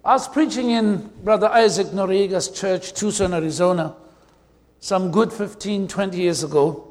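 A South African pastor with a very high voice and a darkish tone preaches a sermon, his words ringing through a long hall reverb. He tells humorous stories from the pulpit and draws out key words for emphasis.

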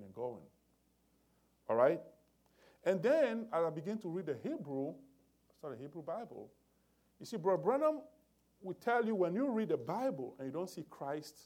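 Animated male preacher, lively pitch. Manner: animated, emphatic preaching with restarts. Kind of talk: sermon.

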